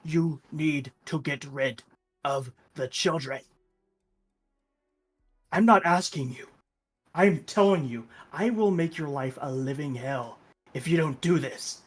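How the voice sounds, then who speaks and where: A brutish father bellows threats, his voice pushed loud and hard, as a man puts him on. Faint music plays underneath. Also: fairly high pitch, takes it slowly, pauses often. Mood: threatening.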